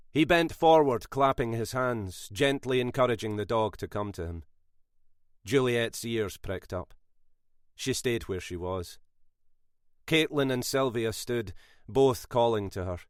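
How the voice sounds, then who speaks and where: A man reads a thriller audiobook slowly and deliberately, letting his pitch rise and fall freely. The sound is dry and close, with no room around it. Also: lively intonation, clean tone, no room sound. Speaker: audiobook narrator.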